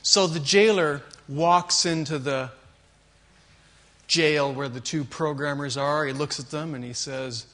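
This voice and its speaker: A man's voice: on the high side, a little slow. A man giving a conference keynote as an agile consultant, telling an opening joke and then explaining his background with frequent fillers. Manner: animated storyteller, jokes and fillers.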